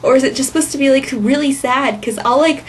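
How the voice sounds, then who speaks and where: A woman vlogging in a rambling, chatty way, full of fillers and little giggles. Her voice sits a bit high. A faint hiss runs under it. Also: fast. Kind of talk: casual chatty vlog monologue.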